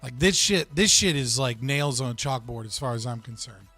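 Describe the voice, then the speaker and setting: A man's voice: medium pitch, lively intonation, moderate pace, bright, forceful tone, breathy edge, no room sound, faint music behind. A man hosting a live stream, reacting casually and bluntly, swearing and laughing while answering his chat. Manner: blunt, profane, laughs often, talks to chat.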